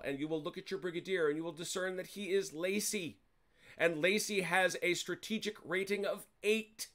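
Man, fairly high voice, hosts a wargame and explains the rules casually with dry jokes. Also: fairly bright tone. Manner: chatty, self-correcting, wry jokes.

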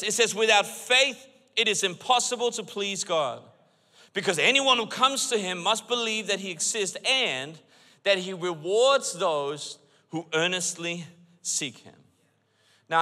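A middle-aged man preaching a sermon as pastor in a church, animated and by turns joking and earnest. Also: high voice. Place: church auditorium. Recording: long reverb of a large hall.

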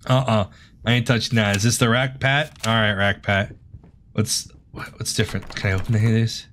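A man's voice: on the low side, steady tone, brisk, fairly bright tone, slight background noise. A man doing let's play commentary of a horror game, jumpy and joking, swearing and yelping at the scares. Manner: jumpy, swears, jokes nervously, yelps at scares. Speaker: gaming video host.

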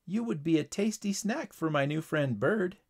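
An eager young schoolboy hero in a storybook, raised in pitch with lively, animated inflection, as a man puts him on. A touch of gravelly fry stays in the voice. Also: moderate pace. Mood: earnest. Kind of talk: storybook reading.

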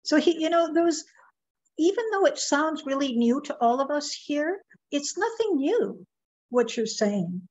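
A woman's voice: sits high, big pitch swings, a little slow, darkish tone. A woman interviewing a guest in casual conversation, mostly giving brief agreeing replies. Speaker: interviewer, mindset consultant. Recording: dull muffled audio.

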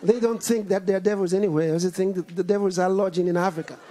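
A male pastor preaching a sermon, swinging from loud rhetorical questions to hushed whispers and repeating key lines with slow, deliberate emphasis. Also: high-pitched, steady tone, a faint crowd. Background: congregation answering and laughing.

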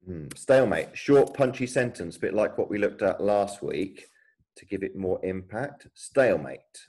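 Man, primary teacher, low voice, thinking aloud. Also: animated, moderate pace, warm tone, husky, rough recording. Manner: thinks aloud, explains as he types. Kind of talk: modelled writing lesson for children.

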